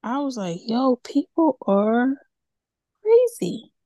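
Woman podcast co-host, casual storyteller, fairly high voice, dry close mic, animated retellings. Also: normal speed, no echo. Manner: animated, acts out her own reactions in quotes.

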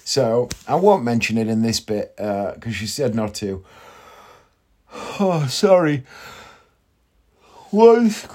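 Man, podcast host, tired and yawny, rambling casual chat, middle-pitched voice. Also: very animated, measured pace, a little mellow. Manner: chatty and rambling, self-deprecating asides. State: tired and yawning.

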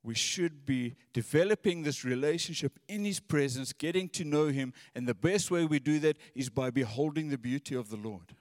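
A man's voice: on the high side, moderate pace, hardly any pauses, a little mellow, no echo, in a large hall. Man, preacher, conversational sermon, earnest, repeats words, close dry voice.

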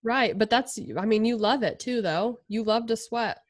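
Dry-miked young mom. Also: female voice, a little high, no room sound. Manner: supportive, quick agreement, warm asides. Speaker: podcast co-host. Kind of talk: casual chat.

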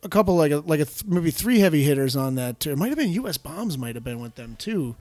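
Chatty man with a slightly high voice. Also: quick pace, dry recording. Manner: rambling, lots of fillers, animated when quoting. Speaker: podcast co-host. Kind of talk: casual chat, storytelling.

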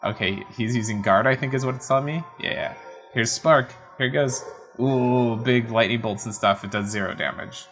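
A man's voice: mid-range voice, moderate pace, a bit bright, soft background music. A man streaming a game playthrough, chatting in a wry, easily amused way at a desk mic. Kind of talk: casual live game playthrough commentary. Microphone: webcam setup with desk mic.

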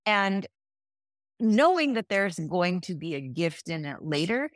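A woman with a notably low voice talking as a breakup coach on a podcast. She speaks casually and animatedly, acting out what people say to themselves, and the recording is close and dry. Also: measured pace, no room sound. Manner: warm-hearted, animated, acts out quotes.

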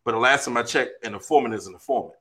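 Bright-voiced man pushing a conspiracy. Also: medium pitch, racing. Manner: playful, conspiratorial, emphatic. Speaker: podcast co-host. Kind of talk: casual chat.

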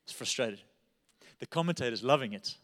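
A male pastor preaching a sermon, telling a story with animated energy and often checking in with "all right?". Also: mid-range voice, fairly quick, long reverb tail.

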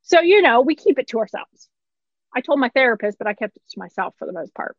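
A woman's voice: on the high side, very animated, quick pace, no echo, dull audio. A woman in her thirties, a pharmacist, candidly telling a personal story with short laughs through hard moments.

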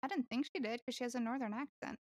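A woman's voice: on the high side, fast talker, a little mellow, no echo, clean studio sound. A woman from southern Sweden who works as an actor, chatting as a guest in a casual interview and laughing easily.

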